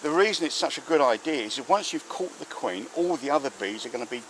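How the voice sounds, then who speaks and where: Talking fast and expressively in a medium, slightly bright voice, a beekeeper gives rambling hands-on commentary full of fillers beside an outdoor hive. The audio from the handheld or mounted camera is poor, with slight background noise and distinctly buzzing bees.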